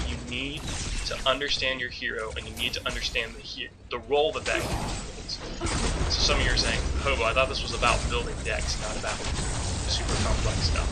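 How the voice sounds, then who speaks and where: A man hosting a gaming channel, talking through a casual game tutorial voice-over in a chatty way with joking asides and restarts, on a low-quality mic. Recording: noisy low-quality home recording.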